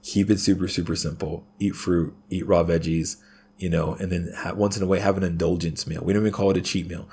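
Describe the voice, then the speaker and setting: A man's voice: deep voice, flat delivery, a little fast, a little mellow, a little hiss or hum. A man talking as a podcast guest in a profane, ranting way, punctuating his points with "right?". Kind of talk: casual podcast conversation.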